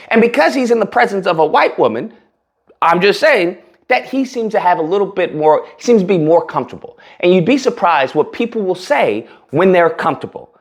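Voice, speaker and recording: A man hosting a casual reaction commentary, talking in an animated, mocking way and breaking into laughter. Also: high-pitched. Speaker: commentary channel host.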